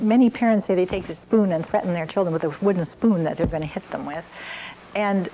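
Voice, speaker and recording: Older female instructor, story-driven class talk, low and mellow, some faint noise. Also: steady tone, fast talker, low-quality recording. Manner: warm storytelling with examples, frequent fillers. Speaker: parenting class teacher. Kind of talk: evening parenting class talk.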